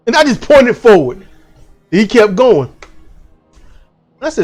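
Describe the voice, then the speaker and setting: A man telling a story at home in a casual, animated way, swearing freely and acting out the people he quotes. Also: very high voice, a little fast, faint music behind. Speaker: channel host.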